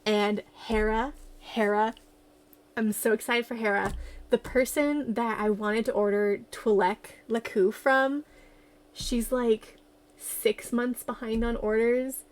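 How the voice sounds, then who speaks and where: A woman livestreamer in casual chat, excitable and giggly as she gushes like a fan. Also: a little high, slow.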